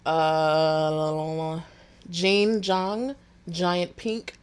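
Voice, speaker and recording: A woman's voice: lowish voice, level tone, very slow, clean tone. A woman co-hosting a podcast in casual chat, talking in a matter-of-fact way and listing things plainly. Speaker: podcast co-host.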